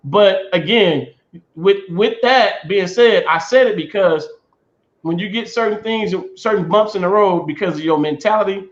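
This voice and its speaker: An animated man from the US Midwest co-hosts a casual chat, retelling stories with restarts and laughs. His voice sits fairly high. The sound is roomy and slightly dull. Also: moderate pace. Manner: animated storytelling, repeats himself, laughs. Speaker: podcast co-host.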